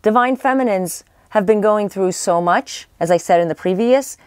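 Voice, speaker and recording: A woman's voice: mid-range voice, normal speed, clean tone, no echo. A woman doing a casual spoken tarot reading, rambling with many restarts, and she says she is losing her voice. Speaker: psychic tarot reader.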